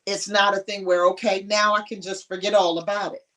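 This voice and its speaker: A woman's voice: medium pitch, flat delivery, a little fast, fairly bright tone, far from the mic. A woman speaking on a conference panel, giving earnest and emotional personal testimony and often laughing.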